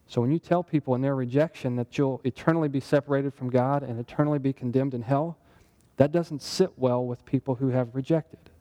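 Mellow-voiced man teaching a Bible lesson. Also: mid-range voice, fairly even intonation, a little fast, hardly any pauses. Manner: conversational, asks the group questions. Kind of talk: interactive sermon.

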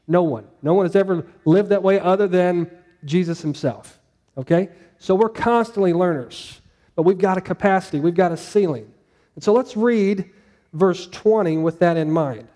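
A man's voice: high voice, moderate pace, warm tone, in a large hall. A man preaching a sermon to a congregation in a conversational way, asking them questions as he goes. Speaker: pastor.

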